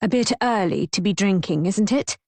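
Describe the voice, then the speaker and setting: A woman voicing a cold, sharp-tongued wife who snaps at her husband. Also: medium pitch, animated, moderate pace, no room sound. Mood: icy. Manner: icy, snappish.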